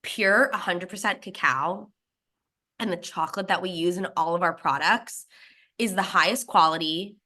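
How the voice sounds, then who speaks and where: A woman's voice: on the low side, normal speed. A young adult woman telling her story as an interview guest, chatty and often laughing. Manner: chatty, laughs often, quotes others in lively asides. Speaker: guest, snack brand founder.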